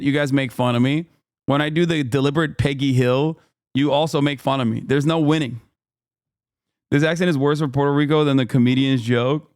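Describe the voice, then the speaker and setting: A man's voice: mid-range voice, darkish tone, dry recording, studio quality. A man hosting a live stream, chatting casually and joking back at his chat. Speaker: livestream host. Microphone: close streaming mic.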